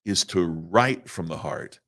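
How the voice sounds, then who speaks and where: A man's voice: sits low, animated, slow, vocal fry, fairly bright tone, heavily acted. Man retelling a blunt, wry speech coach. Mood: challenging. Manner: wry, hypothetical scenarios.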